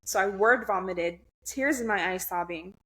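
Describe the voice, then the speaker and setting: A woman's voice: mid-range voice, moderate pace, sharp tone. A young woman guest on a podcast, telling a personal story in a blunt, candid way, swearing freely and restarting her sentences.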